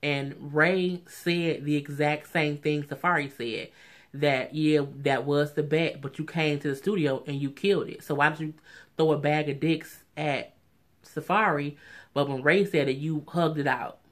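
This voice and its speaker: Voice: fairly even intonation, unhurried. A vlogger recapping a reality show in a casual, opinionated chat, often saying "you know what I'm saying". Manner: acts out quotes in a high, mocking voice.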